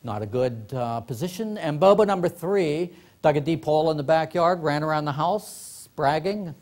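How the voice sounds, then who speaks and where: A middle-aged man tells comic stories to a library audience, his voice set a bit high for a man. He laughs often and slips into quick acted voices for the people he quotes. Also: darkish tone. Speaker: author giving a workshop talk. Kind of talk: comic storytelling to a live audience. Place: library meeting room.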